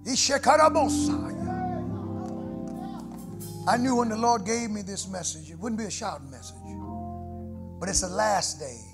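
A middle-aged man preaching from the pulpit, his voice a touch high for a man. He swings from hushed, prayerful murmurs to ringing shouts. Organ music plays clearly under him in a live church recording. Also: animated, brisk. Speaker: pastor. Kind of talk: sermon. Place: church sanctuary. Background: musical instruments.

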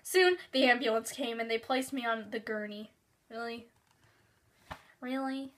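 A woman's voice: fairly high pitch, animated, moderate pace. A young woman vlogger reading her childhood story aloud, giggling and breaking into sudden exaggerated outbursts.

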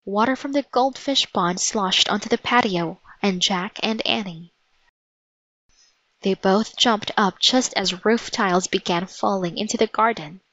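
A woman narrates a children's storybook at an unhurried, careful pace. Her voice sits at an ordinary middle pitch. The recording is dry, with a slightly dull, muffled top end. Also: a bit bright, no room sound. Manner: slow, deliberate storytelling. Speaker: storybook reader. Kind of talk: read-aloud children's narration.

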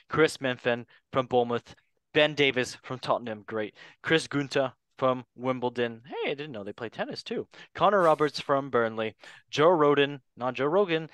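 A man's voice: mid-range voice, a bit bright, smooth, no room sound. A man hosting a casual panel chat, joking and laughing often as he reads out a list. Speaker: host.

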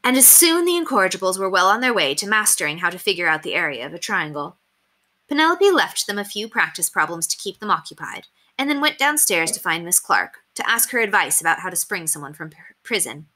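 Woman, teacher, children's read-aloud, expressive, bright tone, lively melody. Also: fairly low pitch, brisk. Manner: expressive, plays up character voices.

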